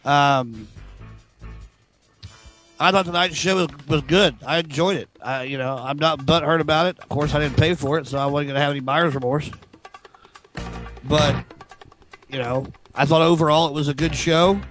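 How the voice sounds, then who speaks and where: A man's voice: fairly high pitch, moderate pace, pauses often, a bit bright, faint music behind. A man calling in to a talk show, talking in a hesitant way full of ums and you knows. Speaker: caller. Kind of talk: casual call-in opinion.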